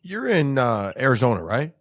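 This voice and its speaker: A man's voice: mid-range voice, big pitch swings, normal speed, dry recording, studio quality. A man hosting a podcast, asking rambling questions and plugging his guest's accounts. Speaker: podcast host. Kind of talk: interview.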